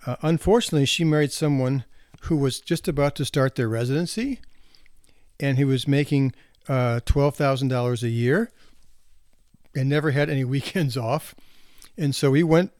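A man in his sixties who works as a physician swaps casual stories about married life and parenting, laughing, chuckling and restarting sentences. He talks at a normal speed with a medium, darkish voice and frequent pauses. The sound is dry and studio quality.

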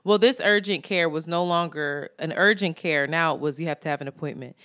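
A woman's voice: low-pitched, brisk, no room sound, clean studio sound. A young woman co-hosting a casual podcast chat, telling stories with lots of swearing and acted-out quotes. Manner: animated storyteller, swears freely, acts out quoted people. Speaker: podcast co-host.

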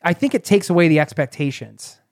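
A man's voice: on the high side, lively intonation, brisk, darkish tone, no room sound, studio quality. A man hosting a conversational podcast interview, chatty and asking probing questions. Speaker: podcast host.

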